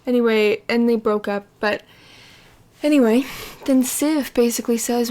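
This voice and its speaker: A woman's voice: fairly high pitch, normal speed, mellow. A woman giving casual, rambling commentary over her life-sim gameplay, with frequent fillers and chatty asides.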